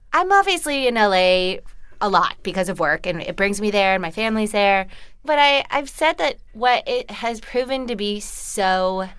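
Smooth-voiced woman with a Southern California lilt. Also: mid-range voice, fairly bright tone, no echo, clean studio sound. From United States. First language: Korean. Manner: chatty, self-mocking, lots of "like". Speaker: actress guest. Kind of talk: casual interview chat.

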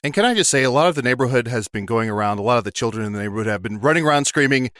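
A man doing improv comedy on a podcast, telling an absurd story in a deadpan way. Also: medium pitch, very fast, dry recording, studio quality. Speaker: podcast co-host.

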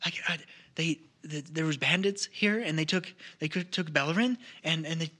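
A man's voice: on the high side, bright, forceful tone. A man doing a stammering, frantic little gnome. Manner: stammering, flustered, halting repeats.

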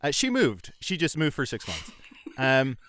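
A man telling a story as a guest in a casual chat, animated and self-deprecating. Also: mid-range voice, measured pace, background noise. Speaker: podcast guest.

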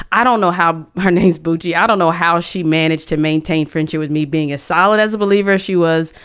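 A young woman with a low, smooth, clear voice tells a deeply personal story as a guest on a conversation podcast. She speaks earnestly and with feeling, trailing off, restarting phrases and searching for her words. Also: brisk. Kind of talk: conversational testimony.

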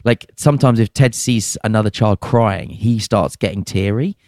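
A man's voice: fairly low pitch, moderate pace, a little mellow, dry recording, clean studio sound. A man co-hosting a podcast, chatting frankly and jokily with plenty of fillers. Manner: frank and jokey, lots of fillers. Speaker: podcast co-host. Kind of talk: casual chat.

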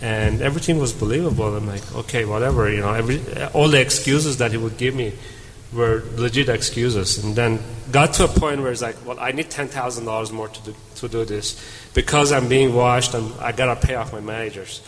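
A man's voice: mid-range voice, fairly quick. Man telling a story in a reverberant hall. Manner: animated storyteller, acts out dialogue. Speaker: panel speaker. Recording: reverberant hall, faint room noise.

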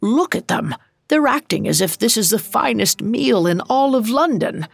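A woman's voice: on the high side, very animated, normal speed, vocal fry, slightly rough, faint music behind, full character voice. A woman reading a storybook, voicing a remorseful old miser who speaks hesitantly and pleadingly. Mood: troubled.

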